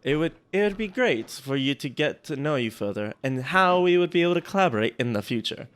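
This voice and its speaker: A man hamming up a sales email in a botched foreign accent, halting and close to laughing. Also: fairly high pitch, animated, clear, resonant tone, lightly acted. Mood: mock earnest. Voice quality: clumsy, wavering fake foreign accent. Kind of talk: podcast bit, mock reading.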